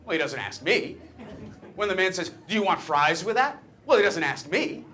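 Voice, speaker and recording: A man's voice: sits high, animated, normal speed, pushed and bright. A man performing a stage comedy monologue as a brash, chatty talking penis, teasing the audience with cocky patter. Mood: wisecracking.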